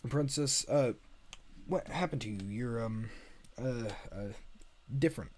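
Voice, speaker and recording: A man reading a script aloud and voicing a chatty, excitable male donkey sidekick. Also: medium pitch, slight background noise, close to an everyday voice. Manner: fast chatter, yelps in panic. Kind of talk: amateur script read-aloud.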